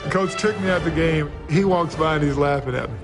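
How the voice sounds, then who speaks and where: A man with a gravelly, slightly raised voice pokes fun at himself in a story. Music plays clearly underneath him. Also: fairly high pitch, brisk. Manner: self-mocking storyteller. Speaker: former basketball player. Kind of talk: anecdote in an interview clip.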